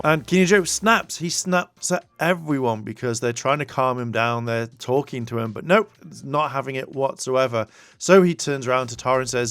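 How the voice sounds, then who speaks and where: A man's voice: medium pitch, normal speed, few pauses, a bit bright, dry recording. A man recapping a TV episode in a casual, rambling way, full of fillers and restarts. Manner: rambling, many fillers, acts out quotes. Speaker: TV show reviewer.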